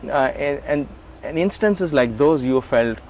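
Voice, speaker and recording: Speaking a little slowly in a mid-range voice, a middle-aged interviewee lively recounts his years working as an assistant, voicing the dialogue himself. A faint hiss or hum runs under the rough recording.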